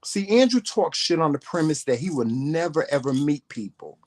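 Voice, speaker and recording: A man's voice: fairly high pitch, very animated, normal speed, few pauses, a little mellow. Profane, confrontational man ranting. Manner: profane, confrontational, emphatic repetition. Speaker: vlogger. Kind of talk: ranting storytelling to camera.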